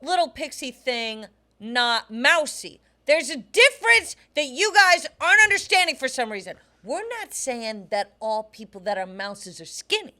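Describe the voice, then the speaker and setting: A woman's voice: high voice, very animated, normal speed, bright, forceful tone. A young adult woman co-hosting a comedy podcast, telling stories emphatically in casual chat and swearing freely. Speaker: podcast co-host.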